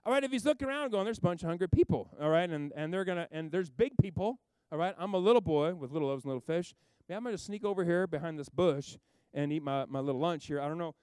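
Animated male preacher acting out scenes. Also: fairly high pitch, quick pace, hardly any pauses, clean tone, no room sound. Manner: animated storytelling, acts out characters, rambling asides. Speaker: pastor. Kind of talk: sermon.

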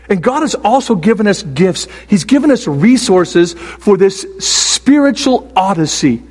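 An older man preaching a sermon as a pastor, telling stories with many halting restarts. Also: high-pitched. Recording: long hall reverb.

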